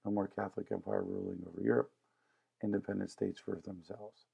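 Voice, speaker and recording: A man's voice: low-pitched, little pitch movement, a little fast, vocal fry, dark tone, slightly rough, lo-fi sound. A man teaching a history lesson in a casual, joking lecture style. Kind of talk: classroom lecture.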